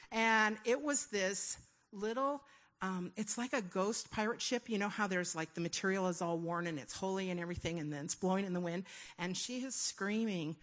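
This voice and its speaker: A woman shares a personal testimony at a church gathering, her story winding and full of restarts. She acts out quoted inner dialogue with animated shifts in voice. Her pitch sits in the middle for a woman. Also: fairly quick. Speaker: church member giving a testimony.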